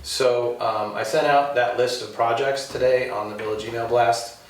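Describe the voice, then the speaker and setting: A man giving announcements at a village board meeting, speaking in a halting way with many ums and uhs. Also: medium pitch, fairly even intonation, slight background noise. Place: village hall meeting room. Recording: echoey room, distant mic.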